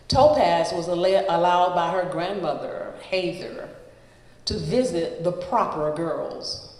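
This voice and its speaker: Slow storyteller in an echoing hall. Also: mid-range voice. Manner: slow, measured delivery with pauses between phrases. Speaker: storyteller reading a memoir aloud. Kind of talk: live reading of a personal story. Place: event hall at a live gathering. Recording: roomy hall with long reverb.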